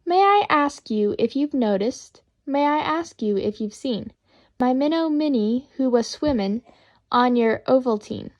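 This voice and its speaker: High-voiced woman reading children's poems playfully. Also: unhurried, lo-fi sound. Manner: playful, expressive, sing-song reading. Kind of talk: reading children's poetry aloud.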